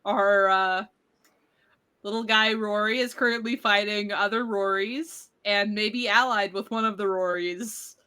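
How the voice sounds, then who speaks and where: A woman player greeting livestream viewers in a friendly, unhurried, casual way. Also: mid-range voice, steady tone, bright, forceful tone, clear, resonant tone. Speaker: player and stream co-host. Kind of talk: casual chat to stream viewers.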